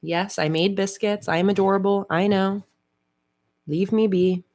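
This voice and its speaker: A woman's voice: mid-range voice, fairly even intonation, moderate pace, a little mellow, pitched above the performer's own voice, close to an everyday voice. A woman voicing her female pet cat as fussy and haughty, speaking in a prim, bossy way. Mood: indignant.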